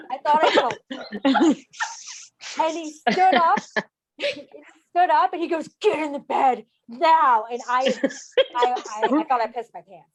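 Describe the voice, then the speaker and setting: Woman, coach's wife, lively storyteller, slightly high voice. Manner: animated, laughing, lots of "like". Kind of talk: casual storytelling.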